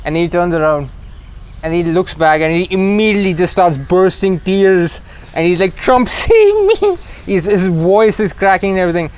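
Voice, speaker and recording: A man's voice: sits high, fairly even intonation, fairly quick, a little mellow, clean tone. A young man from India co-hosting a casual comedy podcast, wry and chuckling as he tells anecdotes. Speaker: podcast co-host.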